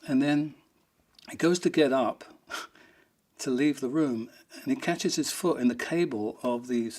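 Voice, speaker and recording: With a mid-range voice and a measured pace, a man answers an interviewer by telling comic anecdotes. Frequent chuckles punctuate his lively retelling, and he voices the quoted people himself.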